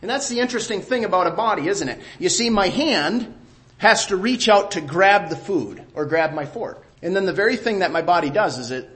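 A middle-aged man preaching a sermon, emphatic and repeating key phrases, sometimes dropping quiet. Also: high voice, lively intonation, a little fast.

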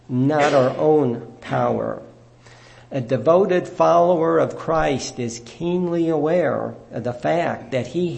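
Gravelly-voiced man preaching. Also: medium pitch, a little mellow. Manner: measured, earnest teaching delivery. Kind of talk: sermon.

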